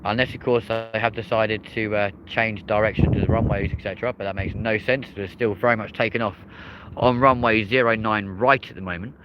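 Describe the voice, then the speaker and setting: A man's voice: fairly low pitch, steady tone, fairly quick, lo-fi sound, background noise. A man hosting a live aviation stream outdoors by a runway, chatting casually with viewers and reading their comments. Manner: chatty, reads chat aloud, addresses viewers as mate and folks. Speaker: aviation livestream host.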